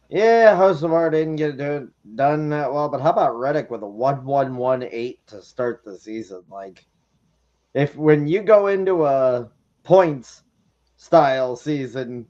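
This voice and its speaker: A man's voice: medium pitch, a little mellow, muffled recording. A man co-hosting a casual racing chat with brief, laid-back remarks. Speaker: co-host.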